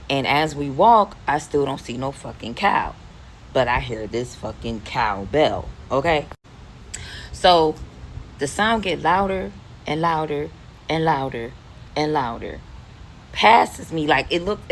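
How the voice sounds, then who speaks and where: A woman's voice: extremely low pitch, creaky, slight background noise, rough recording. A woman in her forties from Philadelphia, telling a casual storytime with lots of swearing. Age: 40s. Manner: animated, profane, rambling.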